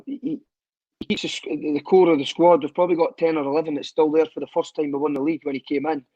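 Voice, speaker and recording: A Scottish man, a footballer guest, telling lively, profane stories in a casual podcast chat. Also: a little high, dry recording, dull audio. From Scotland. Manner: lively storyteller, swears, laughs often.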